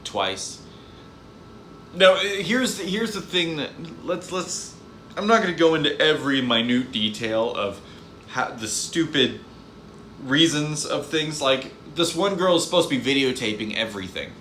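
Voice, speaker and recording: A fairly high-pitched man with a bright, forceful voice tears into a film in a loose, rambling review. He sounds exasperated and sarcastic, often restarting his sentences. The recording is roomy, with a faint hum behind him. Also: expressive, unhurried. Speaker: movie reviewer. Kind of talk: casual spoken film review.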